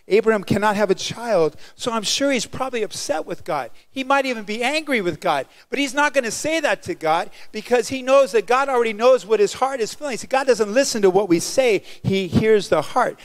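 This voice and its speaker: A male pastor preaching a sermon, animated and calling out to the congregation for responses. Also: high voice, dry recording.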